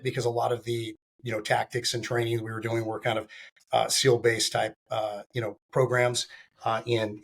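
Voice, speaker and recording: A man answering questions in a steady, level voice that barely rises or falls. He rambles on, circling back with fillers and restarts. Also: mid-range voice. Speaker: guest, firearms training company founder. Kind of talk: casual podcast interview.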